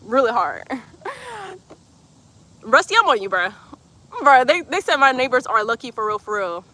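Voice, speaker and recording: A woman's voice: sits high, very animated, unhurried, sharp tone, dry recording. A woman, leading a live-streamed yoga class outdoors and reading comments in a playful, chatty way. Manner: playful, chatty, laughs often, breathy cues. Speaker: yoga instructor.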